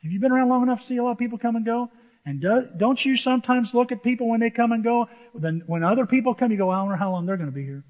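A man's voice: very high-pitched, quick pace. A male pastor preaching a sermon with emphasis, often firing questions at the congregation. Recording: dull echoey church recording.

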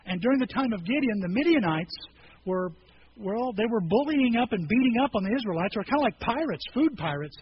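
A male pastor delivers a casual, animated sermon, often slipping into quoted voices to act out the scripture. His voice sits high and moves through a wide, lively range. The recording is a bit dull, with faint noise underneath. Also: a little fast. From rural farm upbringing.

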